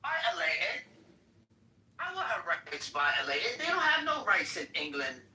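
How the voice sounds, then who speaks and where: Excitable man laughing on a podcast. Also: high-pitched, measured pace. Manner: loud laughing, excitable, crude. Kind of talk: casual podcast chat. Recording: echoey, distant mic with music behind.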